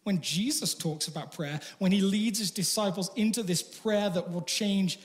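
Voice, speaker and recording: A man's voice: sits high, moderate pace. A man preaching a sermon in a conversational way, with rhetorical questions and light humorous asides. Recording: long reverb of a large hall.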